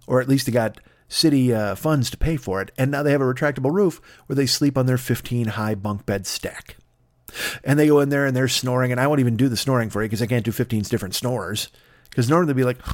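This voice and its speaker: A man's voice: medium pitch, dry recording, clean studio sound. A male podcast host telling a comic story with profane, absurd riffing asides.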